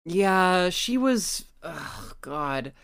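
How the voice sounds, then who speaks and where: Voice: medium pitch, expressive, drawn-out words, fairly bright tone, clean tone. A podcast co-host chatting casually and enthusiastically about a film, with a loose, profane way of talking. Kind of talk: casual chat.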